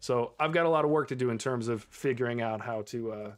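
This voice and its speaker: A man's voice: mid-range voice, fast. Chatty man streaming a game. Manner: chatty, laughs often, talks to chat. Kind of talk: casual live-stream chat while gaming.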